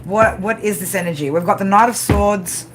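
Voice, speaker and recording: A woman with a mid-range voice gives live tarot readings at a normal speed over a noisy background. Her tough-love style is blunt and full of swearing, and she rambles, tacking "right?" onto line after line.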